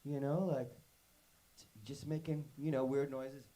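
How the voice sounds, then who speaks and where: A man talks to young students in a loose, rambling storytelling style, leaning on fillers like "like" and "you know." He slips into playful acted-out voices for the people in his anecdotes. His voice sits at an ordinary middle pitch for a man. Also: flat delivery, a little slow, background noise. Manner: acts out quoted voices in his stories. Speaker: musician leading a workshop.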